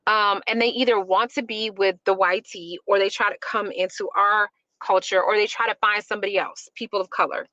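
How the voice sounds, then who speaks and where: A woman's voice: medium pitch, steady tone, a little fast, few pauses, pushed and bright, dry recording, lo-fi sound. A woman from Chicago hosting an opinionated commentary show, emphatic and rambling with lots of fillers. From Chicago, USA. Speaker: host.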